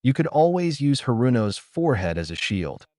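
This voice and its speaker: A man's voice: medium pitch, very animated, moderate pace, darkish tone, no echo, clean studio sound, pitched above the performer's own voice, lightly acted. A man reading as a teasing young ninja. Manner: polite and mocking. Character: young male ninja clan head, polite and teasing.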